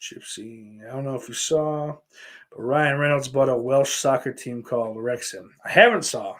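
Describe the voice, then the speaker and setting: Answering viewer questions in a rambling casual chat, this podcast host swears a lot and fills his speech with fillers and restarts. His mid-range voice is a bit bright, and he talks at a normal speed.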